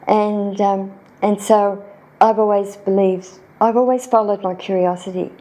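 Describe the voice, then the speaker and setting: An Australian woman telling childhood stories in a relaxed interview, lifting her voice when quoting her younger self. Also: mid-range voice, measured pace. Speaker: interview guest. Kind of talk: storytelling in casual conversation.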